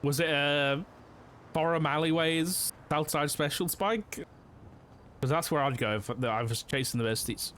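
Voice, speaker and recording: Casual roleplay-cop chatter comes from a young male streamer playing a police officer, his voice a little high and fairly bright at normal speed. He rambles loosely, full of fillers and "like," with a faint hiss under the voice.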